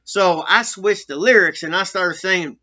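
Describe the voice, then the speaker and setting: A man's voice: high voice, normal speed, pushed and bright. A man telling rambling, profanity-laden stories about his time in prison, often laughing through them. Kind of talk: casual storytelling. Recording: dull lo-fi recording.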